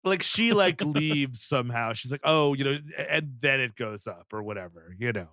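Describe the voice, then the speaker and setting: A man's voice: mid-range voice, lively intonation, normal speed, sharp tone, dry recording, studio quality. Rambling man recapping a plot. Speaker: podcast panelist. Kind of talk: casual comedy chat.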